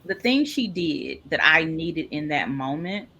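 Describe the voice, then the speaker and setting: A woman recounts her own story in a lower, bright and forceful voice. She is lively and jumps up in pitch to act out what other people said. A faint hiss sits under the recording. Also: unhurried, vocal fry, muffled recording. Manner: animated, acts out quoted people with big pitch jumps. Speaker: podcast guest. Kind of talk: personal storytelling interview.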